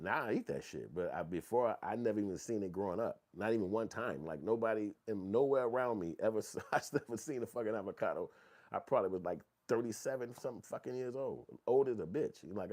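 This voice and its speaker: A middle-aged man, telling stories in casual, profane commentary and reading viewer comments. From Chicago. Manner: profane, animated storytelling, acts out quotes in a high voice. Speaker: channel host.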